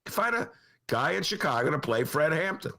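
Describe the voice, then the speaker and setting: A man's voice: a little high, sing-song, moderate pace, creaky, pushed and bright, a little hiss or hum. A man in his sixties hosting a podcast, chatting casually in a rambling, opinionated way. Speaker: podcast host. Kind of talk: casual chat.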